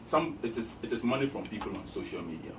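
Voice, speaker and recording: A man's voice: mid-range voice, very animated, quick pace. A man from Ghana talking emphatically as an interview guest, repeating his points like a campaigner. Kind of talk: casual interview talk. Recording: echoey room, distant mic, noisy.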